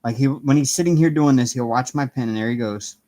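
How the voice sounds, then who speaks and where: A man talks loosely and chattily on a home live stream, wandering from thought to thought. He calls out viewers by name as he goes, in an easygoing, unhurried way from his apartment. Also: mid-range voice, warm tone, dry recording. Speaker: livestream host chatting with viewers. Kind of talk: casual live-stream chat.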